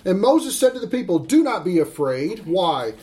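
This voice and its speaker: A middle-aged man with a high voice leads a Bible class. He reads scripture slowly and with stress, then quizzes his students in an emphatic, teacherly way. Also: big pitch swings, mellow.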